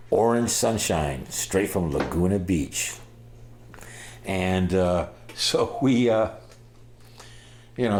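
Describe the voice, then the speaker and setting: An older man in his sixties tells a travel tale in a casual, animated way, acting out the people he met and getting loud when the story peaks. His voice sits low. A faint hiss of noise runs under the talk. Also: gravelly. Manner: animated, acts out voices, bursts of loud excitement.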